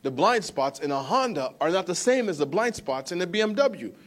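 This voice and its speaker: Fairly high-voiced animated preacher, man. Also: fairly quick. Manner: animated storytelling, rising to emphatic outbursts, rhetorical questions to the crowd. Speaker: pastor. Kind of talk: sermon.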